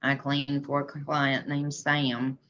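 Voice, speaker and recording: A low-pitched woman speaking slowly and earnestly, recounting her story as an interview guest. Her voice is bright and forward, with a slightly dull, lo-fi recording. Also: completely flat delivery, slight background noise. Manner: earnest, plain-spoken, voice rising when emotional. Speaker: guest, memoir author.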